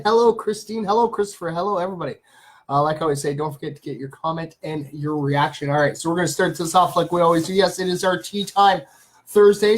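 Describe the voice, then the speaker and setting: A man's voice: sits high, low-quality recording. A man hosting a casual live stream, greeting viewers by name and rambling through facts with many fillers. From Canada. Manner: reads viewer names and greets them. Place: small home studio.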